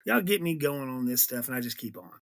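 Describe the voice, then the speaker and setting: A man's voice: mid-range voice, lively intonation, a little fast, vocal fry, fairly bright tone. A man hosting a political podcast, ranting emphatically and repeating himself when aggravated. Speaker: podcast host. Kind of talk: political commentary rant.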